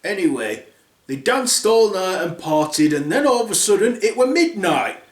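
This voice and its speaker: A man's voice: sits high, sing-song, moderate pace. A man retelling a fairy tale for laughs, rambling and offhand, in an echoey room. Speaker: storyteller.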